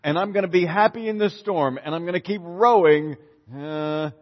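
A middle-aged man preaching a lively sermon, quizzing the congregation and acting out prayers. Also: medium pitch. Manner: animated, questions the congregation, acts out prayers. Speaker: pastor. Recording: dull reverberant hall.

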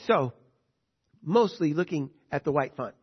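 A man's voice: fairly high pitch, expressive, takes it slowly, slightly rough, lo-fi sound. A man teaching a Bible study lesson, reading scripture aloud and then explaining it in plain words, with rhetorical questions to his listeners.

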